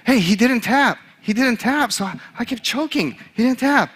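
Man doing a scared young man, high voice, nervous, repeating himself. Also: animated, moderate pace, a bit bright, breathy edge, full character voice. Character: scared young man, a burly, quiet grappler.

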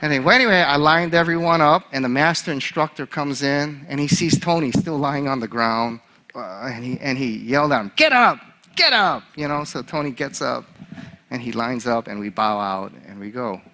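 A male chaplain preaching a sermon, an animated storyteller who laughs at his own story. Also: medium pitch, moderate pace, slight background noise.

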